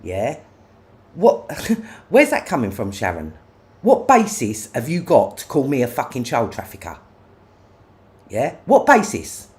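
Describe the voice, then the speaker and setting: A livestreamer in an angry, profane rant, firing off confrontational questions. The voice sits mid-pitch and leaps wildly up and down as the anger flares. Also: huge pitch swings, a little slow, long pauses. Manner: profane, confrontational, repeats "yeah?".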